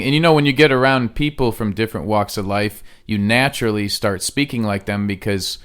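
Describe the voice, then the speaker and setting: A man's voice: fairly low pitch, a little fast, a bit bright, clear, resonant tone. A man from the US Midwest, a guest musician, telling drawling, profane stories in a casual podcast chat. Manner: folksy, drawling, profane storyteller. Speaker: guest, musician and venue owner.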